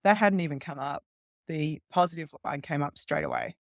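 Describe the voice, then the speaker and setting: A woman's voice: low-pitched, normal speed, dry recording, clean studio sound. An Australian woman in her thirties, a podcast guest telling a candid personal story in a chatty way and acting out the people she quotes. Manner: chatty, laughs often, acts out quoted voices. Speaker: podcast guest, police detective.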